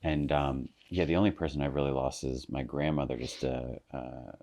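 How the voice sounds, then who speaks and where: A podcast host asking gentle questions and giving many soft backchannel responses. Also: rumbling low, steady tone, moderate pace. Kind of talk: casual interview chat.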